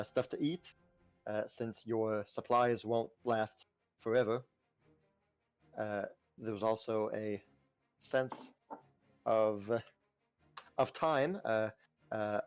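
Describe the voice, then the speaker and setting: A man running a tabletop role-playing game as game master, explaining rules with many pauses and fillers. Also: medium pitch, dry recording.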